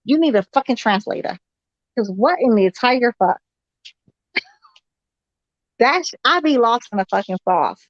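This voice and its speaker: A woman co-hosting a casual chat show, loud and giggly, swearing freely. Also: fairly high pitch, expressive, a little slow, long pauses, no echo, lo-fi sound. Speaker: podcast co-host.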